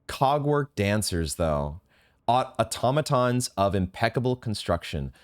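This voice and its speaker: A young man giving emotional live commentary on a video game, exclaiming often and reading game text aloud slowly. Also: medium pitch. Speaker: let's play gamer. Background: game music.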